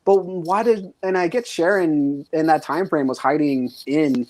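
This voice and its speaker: A casual podcast guest at a middling pitch, thinking out loud. The talk rambles, with many fillers and drifting tangents. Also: unhurried.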